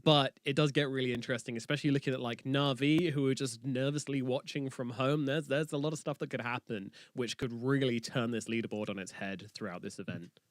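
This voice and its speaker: A man's voice: medium pitch, fairly even intonation, a little fast, dry recording. A man hosting an esports broadcast from a studio, upbeat and bantering with his co-host.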